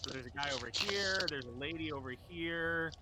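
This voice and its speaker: A man's voice: fairly high pitch, normal speed, heavy background noise. A man running a tabletop game as dungeon master, talking loosely with lots of restarts. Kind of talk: casual tabletop game narration.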